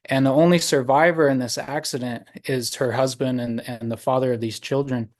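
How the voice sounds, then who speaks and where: A man telling a traditional story to an online audience, unhurried, with many pauses and fillers. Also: medium pitch, steady tone, darkish tone. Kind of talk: oral storytelling. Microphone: video call.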